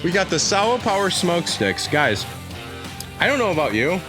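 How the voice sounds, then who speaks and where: A man's voice: high-pitched, sing-song, a little slow, long pauses, music in the background. A man hosting a comedic podcast with rambling, jokey banter and a mock-salesman patter. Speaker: podcast host.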